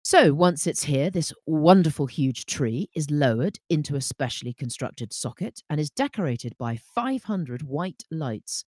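A woman co-hosting a podcast, reading facts aloud with bright enthusiasm. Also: deep voice, husky, no echo, studio quality. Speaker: podcast co-host. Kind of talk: casual chat reading facts.

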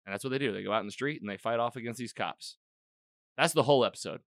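Male host, casual recap chat; bright, crisp tone, dry studio sound. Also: mid-range voice, fast, no room sound. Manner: rambling, animated retelling with quoted lines. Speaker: podcast host.

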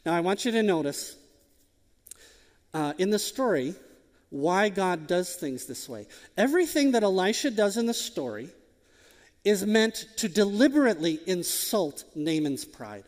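A male pastor delivers a sermon in a high, lifted voice, pressing his points with repeated rhetorical questions. His voice rings out with a long reverb, as if filling a church hall. The delivery is emphatic and direct. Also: big pitch swings, a little slow.

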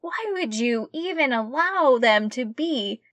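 A woman's voice: sits high, animated, slow, a bit bright, dry recording. A young woman co-hosting a casual chat, emphatic and outraged, often repeating herself. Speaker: podcast co-host.

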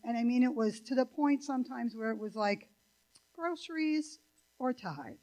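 A woman's voice: fairly high pitch, steady tone, a little fast, dark tone, rough recording. An older woman preaching a sermon in a church, chatty and digressive, with many fillers and asides. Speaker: guest preacher. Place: church sanctuary.

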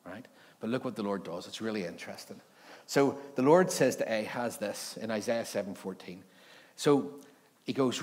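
Animated pastor preaching. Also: male voice, fairly low pitch, normal speed. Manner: animated storytelling, acts out voices of God and a king. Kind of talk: sermon. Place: church hall.

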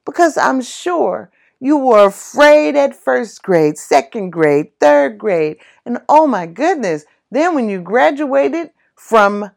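A woman's voice: high voice, gravelly. A woman giving a heartfelt motivational talk, encouraging and exclamatory. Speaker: motivational speaker.

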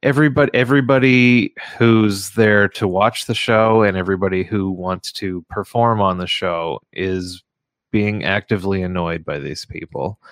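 A man hosting a casual radio talk show, speaking in a halting way with frequent restarts and fillers. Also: sits low, clear, resonant tone, dry recording, studio quality. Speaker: radio show host and comedy show runner.

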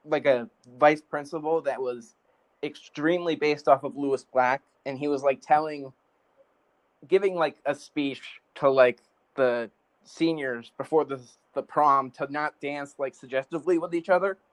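A man's voice: on the high side, steady tone, unhurried. A male podcast host chatting casually, rambling with constant fillers of "like". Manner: rambling, heavy use of "like".

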